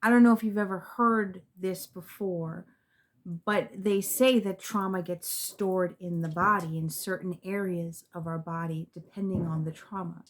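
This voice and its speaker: A woman giving a spiritual tarot reading to her viewers, reflective and earnest, often repeating words and trailing off softly. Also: fairly low pitch, steady tone, a little slow. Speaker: tarot reader.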